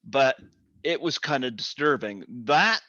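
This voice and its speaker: A man's voice: mid-range voice, expressive, unhurried, bright, forceful tone, dry recording. A man hosting a podcast, musing in casual chat. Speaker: podcast host. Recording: dull, dry sound.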